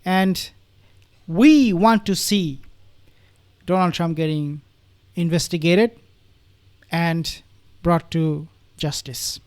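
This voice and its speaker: A man's voice: fairly high pitch, slow, pauses often, a little mellow. A man hosting a political commentary show, reacting to news clips in an indignant, sarcastic way.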